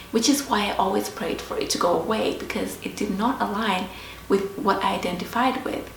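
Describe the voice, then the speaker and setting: A woman host sharing a personal story in a slow, reflective, confessional way. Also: medium pitch. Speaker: podcast host. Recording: roomy echo with faint background hiss.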